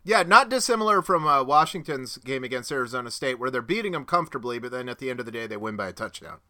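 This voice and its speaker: A man's voice: mid-range voice, expressive, quick pace, bright, forceful tone. A man hosting a casual sports podcast, chatty and joking, laughing often between points. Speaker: podcast co-host. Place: home podcast studio.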